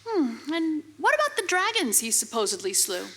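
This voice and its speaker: A woman's voice: high voice, huge pitch swings, moderate pace, sharp tone, exaggerated voice. An actress playing a bossy, teasing woman in a stage musical, with a dry, commanding manner. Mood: sardonic. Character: bossy, sardonic woman guiding the hero.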